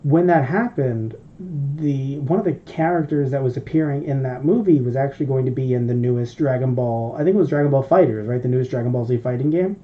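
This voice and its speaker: A man's voice: mid-range voice, fairly quick, few pauses. A man co-hosting a podcast, telling a long, rambling, profane story in casual chat. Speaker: podcast co-host. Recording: dull lo-fi podcast audio.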